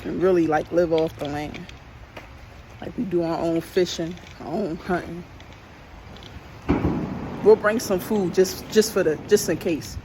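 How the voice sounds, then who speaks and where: A man's voice: sits high, measured pace, pauses often, slight background noise, poor audio. A man casually vlogging outdoors while hiking a park trail, rambling and repeating himself, a little out of breath on the hills. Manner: relaxed, rambling, repeats "like" often. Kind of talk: casual walking vlog.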